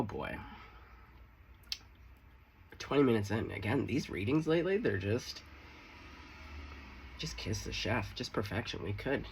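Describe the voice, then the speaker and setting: Lively, gravelly-voiced man reading tarot. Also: medium pitch, background noise. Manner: chatty, swearing, playful asides. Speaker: tarot reader. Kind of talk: casual tarot reading to camera.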